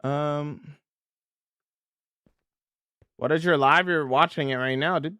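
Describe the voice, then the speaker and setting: Guy on a livestream chatting w/ viewers, hums while building, kinda high bright voice. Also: steady tone, slow pace, no room sound, studio quality. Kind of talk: casual livestream chat.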